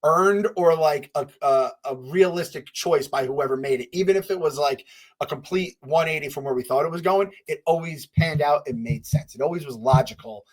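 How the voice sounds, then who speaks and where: A man's voice: fairly high pitch, moderate pace. A man co-hosting a podcast in casual chat, rambling with lots of fillers. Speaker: podcast co-host.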